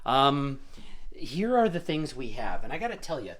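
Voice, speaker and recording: A man hosts a casual home cooking stream, rambling and joking as he chops and stirs. His pitch swings all over the place as he talks. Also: big pitch swings, normal speed, a bit bright. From Irish family roots. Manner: jokey, rambling, chatty. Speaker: cooking show host.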